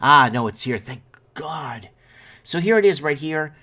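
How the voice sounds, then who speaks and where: A man's voice: fairly high pitch, expressive, unhurried, sharp tone. A man hosting a casual live stream, rambling over news stories and reading chat comments, sleepy and yawning. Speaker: host.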